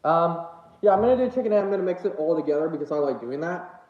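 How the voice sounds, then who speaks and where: Casual livestreamer, male, lively up-and-down delivery, winded and hesitant, echoey lo-fi home room. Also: a little high, fast talker. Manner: rambling, hesitant, many fillers. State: out of breath. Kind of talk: casual eating livestream chat. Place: home room with dogs nearby. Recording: echoey room, dull lo-fi sound.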